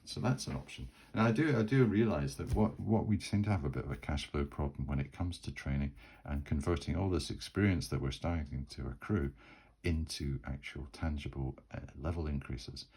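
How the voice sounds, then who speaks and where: A man's voice: very deep voice, brisk, vocal fry, a little mellow, husky, poor audio. A man narrating his solo tabletop role-playing game in a rambling, chatty way. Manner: rambling, many fillers and restarts.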